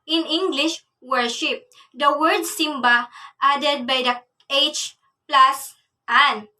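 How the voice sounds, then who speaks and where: A young woman giving a class report, reading from her notes in a measured way. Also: sits high, bright, forceful tone, recorded from a distance. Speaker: student presenter.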